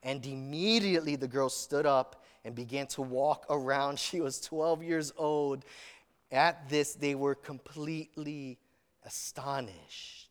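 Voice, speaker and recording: A man's voice: mid-range voice, slow pace, in a large hall. A man preaching a sermon as pastor, telling stories earnestly with frequent restarts.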